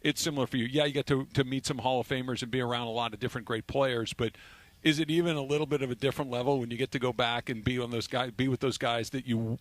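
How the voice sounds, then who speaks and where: A man's voice: mid-range voice, fairly even intonation, fast talker, no echo. A man hosting a live sports radio interview at an outdoor golf event, asking eager questions.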